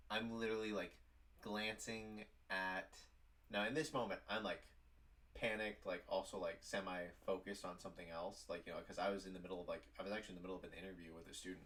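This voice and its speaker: A man's voice: deep voice, a bit bright. A man vlogging casually, telling a work story in a rambling way with lots of "like". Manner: rambling, heavy use of "like".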